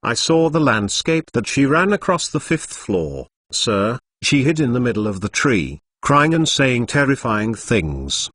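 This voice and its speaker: Gleeful teasing poltergeist guy in a storybook, read by a man, bouncy pitch. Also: very animated, a little slow, few pauses, fairly bright tone, no echo. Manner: gleeful, mocking. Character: mocking male poltergeist, gleeful troublemaker.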